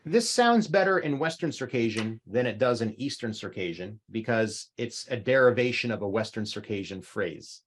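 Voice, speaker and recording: A man teaching an online language class, explaining at length with lively rises in pitch on his examples. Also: moderate pace, hardly any pauses, slight background noise. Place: home, speaking into a small microphone.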